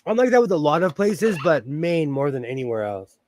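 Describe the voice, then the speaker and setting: A man's voice: fairly high pitch, sing-song, brisk, a little mellow, a little hiss or hum. A man with a Southern Californian accent, hosting a livestream in casual, rambling chat and laughing often. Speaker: livestream host.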